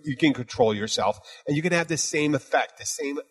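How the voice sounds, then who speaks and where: A man's voice: a little high, fairly quick, husky. Blunt, emphatic man hosting a bar podcast. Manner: emphatic, blunt, profane, repeats "you know what". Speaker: bartender podcast host. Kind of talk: casual chat.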